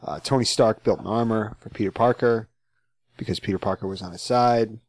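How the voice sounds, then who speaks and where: A man's voice: fairly low pitch, fairly even intonation, fairly quick, no room sound. A man co-hosting a casual podcast chat, sardonic and opinionated, teasing his co-host.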